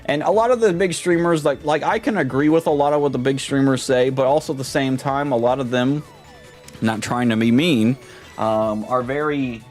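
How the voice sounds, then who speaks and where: A man's voice: mid-range voice, moderate pace, darkish tone, faint music behind. A man streamer in casual live-stream chat, rambling and often repeating and restarting his words.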